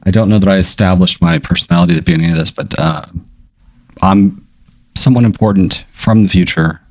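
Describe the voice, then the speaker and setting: A man playing along in an improvised comedic role-play, speaking in a hesitant, deadpan way with many ums and uhs. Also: low-pitched, fairly quick, no room sound. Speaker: player.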